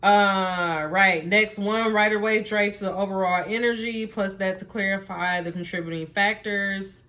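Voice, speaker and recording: A woman's voice: medium pitch, fairly even intonation, unhurried, sharp tone. A woman giving a casual spiritual tarot reading, talking emphatically and repeating herself, with free swearing and earnest, preacher-like encouragement. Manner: emphatic and repetitive, swearing freely. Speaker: tarot reader.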